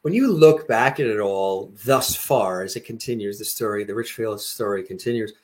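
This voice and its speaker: A man's voice: on the low side, moderate pace, a little mellow. A man hosting an interview, asking long, affirming, rambling questions. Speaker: interview host.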